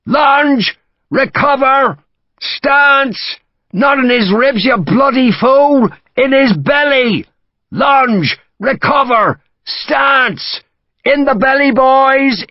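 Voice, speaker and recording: A man's voice: extremely high pitch, no room sound, muffled recording, pitched above the performer's own voice, heavily acted. A man voicing an army drill sergeant who bellows rhythmic drill commands in battle.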